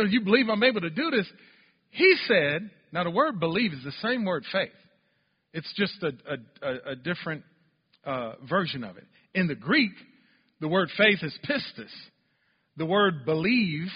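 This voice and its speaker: A man's voice: high voice, slightly rough. A male pastor preaching a sermon, calling on the congregation to respond and building to emphatic peaks. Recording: dull, roomy church hall sound.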